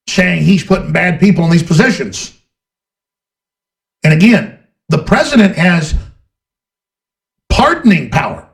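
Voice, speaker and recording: A man rants about politics, heated and sarcastic. His voice sits high with a gravelly edge. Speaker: political commentator. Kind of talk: ranting political monologue.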